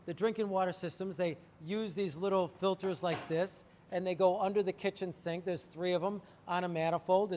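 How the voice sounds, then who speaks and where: High-voiced animated water salesman. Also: long reverb tail, slight background noise. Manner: animated storyteller, acts out client quotes. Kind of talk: sales talk to camera.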